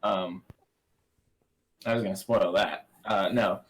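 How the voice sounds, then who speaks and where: Male player, fairly low voice, relaxed casual narration of his character. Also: slow, poor audio. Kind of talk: casual tabletop play.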